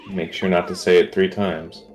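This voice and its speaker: A man's voice: sits low, level tone, normal speed, a little mellow, soft background music. A man chatting casually with a friend during a game stream, laid-back with dry remarks. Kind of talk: casual chat while gaming.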